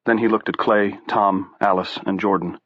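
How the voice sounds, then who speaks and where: Low-voiced male audiobook narrator, dry and dull. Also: steady tone, normal speed, a bit bright, no room sound. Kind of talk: scripted narration.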